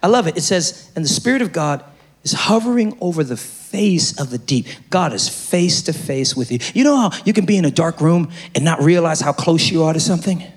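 A man preaching a sermon to a congregation, swinging between loud shouted lines and quiet asides, and repeating phrases for emphasis. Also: fairly high pitch, expressive, fairly quick, slightly rough. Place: church service before a congregation.

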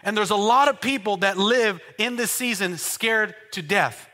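Male pastor, high bright voice, lively sermon in a reverberant church hall. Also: unhurried. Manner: call-and-response preaching, builds to loud exclamations. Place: church sanctuary.

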